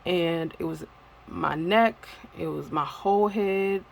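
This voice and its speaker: Candid, rambling woman with a gravelly voice. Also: on the low side, slow, a little hiss or hum, poor audio. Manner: candid, rambling with many fillers. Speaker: vlogger. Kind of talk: casual personal storytelling.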